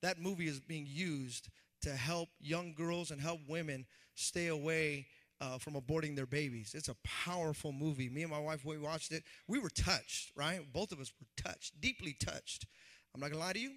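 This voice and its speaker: A man, a pastor, preaching a sermon in an animated, conversational way and acting out the voices he quotes. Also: on the high side, moderate pace.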